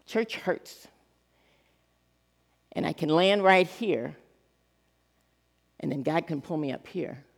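A middle-aged woman pastor giving a sermon in a church, talking in an animated, conversational way with touches of humor. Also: sits low, slow pace, creaky, long pauses, breathy edge. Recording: long reverb of a church hall.

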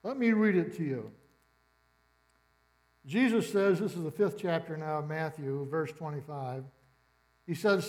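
A man's voice: on the high side, a little slow, long pauses, a little mellow, rough recording. A middle-aged man preaching a sermon in a church, conversational and storytelling with dry humor. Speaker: pastor. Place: church sanctuary.

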